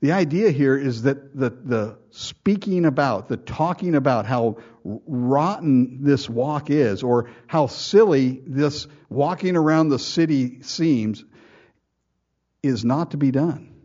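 Man preaching slowly, warm and mellow, with a folksy style and lo-fi sound. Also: mid-range voice, animated. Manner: folksy preaching with rhetorical questions and mock quotes. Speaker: pastor. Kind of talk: sermon.

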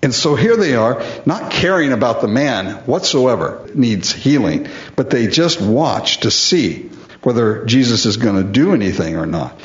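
A man's voice: mid-range voice, very animated, a little slow, reverberant, highs cut off. A man preaching a sermon, emphatic and full of rhetorical questions, repeating words for stress.

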